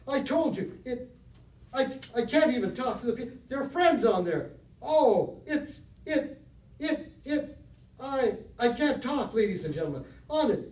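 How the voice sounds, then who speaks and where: A man's voice: very high-pitched, a little mellow, voice pushed up, full character voice. A man performing a horrified 1930s radio reporter who stammers and chokes up while describing a disaster. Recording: roomy hall from far off.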